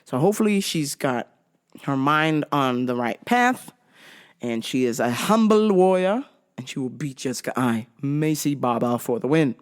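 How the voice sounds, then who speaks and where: A woman's voice: rumbling low, very animated, moderate pace. A woman hosting a vlog, giving casual, profane, giggly commentary full of slang. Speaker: vlog host.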